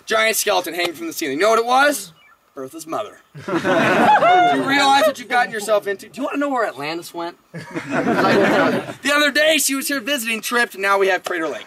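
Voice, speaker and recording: A young man tells a comic campfire yarn in a high, lively voice that leaps around as he jokes. He banters freely with his listeners at an outdoor camp gathering. Noticeable background noise sits under the recording. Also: a little fast. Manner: animated, jokey, bantering with the audience. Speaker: camp staff storyteller. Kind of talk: comedic campfire storytelling.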